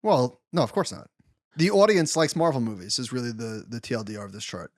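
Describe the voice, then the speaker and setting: A man's voice: medium pitch, fairly quick, no echo, clean studio sound. A man co-hosting a podcast, talking bluntly and emphatically in casual chat, with easy swearing. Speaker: podcast co-host.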